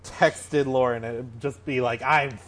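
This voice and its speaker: A man's voice: fairly high pitch, expressive, normal speed, a bit bright, a little hiss or hum. A man co-hosting a podcast, sarcastic and exasperated as he picks apart a movie in casual chat, swearing as he goes. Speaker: podcast co-host.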